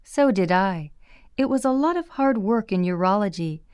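A woman reading a first-person memoir aloud in a measured, plain storytelling manner. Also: mid-range voice, expressive, a little mellow, smooth, no room sound, clean studio sound. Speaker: audiobook reader.

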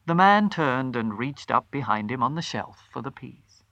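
A storyteller reading a short story aloud with a dramatic, animated delivery. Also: medium pitch, moderate pace, hardly any pauses, no echo.

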